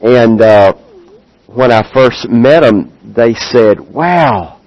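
A middle-aged Southern US man addresses a church congregation as a guest pastor. He talks at an unhurried, drawn-out pace, folksy and homespun, with frequent "uh" fillers. His voice sits in an ordinary male range and comes through with a radio-style broadcast sound. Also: mid-range voice, fairly even intonation, highs cut off. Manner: slow, folksy, many "uh" fillers. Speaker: visiting pastor. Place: church sanctuary.

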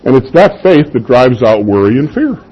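Husky-voiced man preaching a sermon. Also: medium pitch, big pitch swings, normal speed, lo-fi sound. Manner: emphatic, with rhetorical questions and soft chuckles. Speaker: pastor.

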